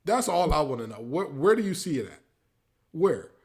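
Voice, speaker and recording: On his casual sports podcast, a host with a high-leaning voice rants at a moderate pace. He's animated and preachy, throwing in mock quotes.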